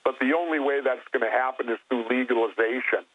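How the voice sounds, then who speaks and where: A man's voice: mid-range voice, fairly even intonation, fast talker. A man speaking as a guest in an interview, telling stories in a blunt, plain-spoken way. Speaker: guest, former governor. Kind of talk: phone-in interview talk. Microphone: telephone. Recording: tinny phone line.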